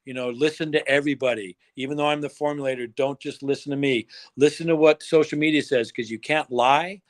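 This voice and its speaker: A man from the United States talking as a guest on a livestream, excitable, swearing freely and laughing often. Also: medium pitch, a little fast, no room sound. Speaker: guest, product formulator. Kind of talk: casual chat on a livestream.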